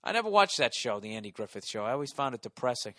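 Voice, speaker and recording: A man in his forties with a Boston accent, telling a stand-up story in a profane, exasperated rant with sudden loud bursts. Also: mid-range voice, big pitch swings, quick pace, no room sound, studio quality. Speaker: stand-up comedian.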